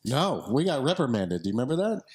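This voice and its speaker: Lively joking man in casual chat. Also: medium pitch, fast talker. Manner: relaxed, joking, chimes in with reactions.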